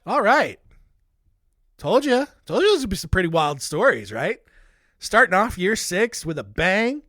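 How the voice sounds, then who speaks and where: A man's voice: high voice, big pitch swings, unhurried, sharp tone, no echo. A man hosting a podcast, recapping true-crime stories in a casual, blunt, jokey way. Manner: irreverent, blunt, jokey asides. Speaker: podcast host.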